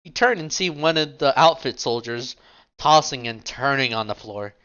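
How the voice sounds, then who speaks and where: Bright-voiced male game master. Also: medium pitch, lively intonation, normal speed, smooth, dull audio. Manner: casual, apologetic narration. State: lightheaded, unwell. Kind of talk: narrating a tabletop role-play game.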